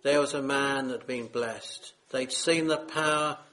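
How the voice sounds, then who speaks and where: Male preacher, unhurried sermon, earnest pleading tone, mid-pitched. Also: steady tone, sharp tone. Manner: earnest, solemn, pleading with listeners.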